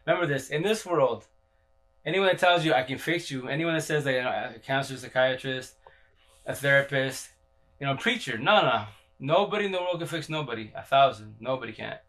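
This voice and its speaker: A man's voice: medium pitch, fairly quick, fairly bright tone. Rambling, slangy man talking on a live stream. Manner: repeats himself and restarts often. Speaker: livestreamer. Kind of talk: casual livestream talk.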